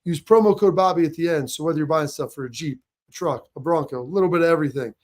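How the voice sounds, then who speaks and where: Upbeat sports talk show host. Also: male voice, fast, darkish tone. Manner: upbeat, chatty sponsor pitches. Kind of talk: casual sports talk and ad reads.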